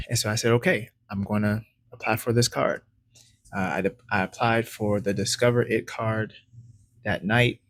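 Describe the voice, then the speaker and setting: A man vlogging his personal story to camera, animated and laughing often as he acts out his past thoughts. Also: lowish voice, unhurried, no room sound. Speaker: credit educator vlogger.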